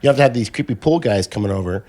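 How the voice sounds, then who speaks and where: A man's voice: mid-range voice, animated, very fast, mellow. A man in a casual podcast chat, joking and throwing in crude quips.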